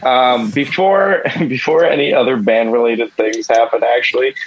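A man's voice: mid-range voice, moderate pace, muffled recording, a little hiss or hum. A man in his twenties from Northeastern Pennsylvania, a guest on a podcast, telling a rambling, self-deprecating comic story with plenty of swearing. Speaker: band member, podcast guest.

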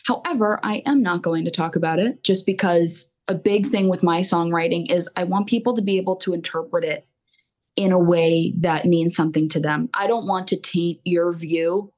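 A woman's voice: lowish voice, fairly even intonation, normal speed, darkish tone. A young woman singer-songwriter talking openly and at length as a podcast guest. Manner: open, candid, rambling with fillers. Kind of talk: casual podcast interview.

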